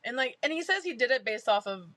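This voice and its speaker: A woman's voice: fairly high pitch, animated, quick pace, a bit bright, no echo. A woman co-hosting a casual book podcast, blunt and swearing freely. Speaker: podcast co-host. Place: at home with a cat.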